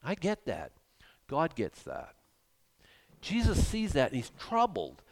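A man preaching a sermon with animated delivery, swinging between hushed and loud. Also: on the high side, takes it slowly.

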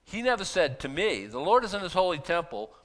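Speaking fairly quickly in a high voice, a male pastor preaches a sermon. He keeps it animated and conversational, leaning on plenty of rhetorical questions.

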